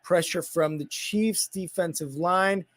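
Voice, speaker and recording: Dude doing fan play-by-play, kinda high voice, chill, calls downs and yards. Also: male voice. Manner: relaxed, calls downs and yardage, quick to laugh. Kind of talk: casual play-by-play commentary.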